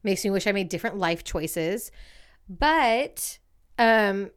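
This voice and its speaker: A woman's voice: mid-range voice, animated, takes it slowly, clear, resonant tone. A young woman co-hosting in casual chat, blunt and chatty, often laughing. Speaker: podcast co-host.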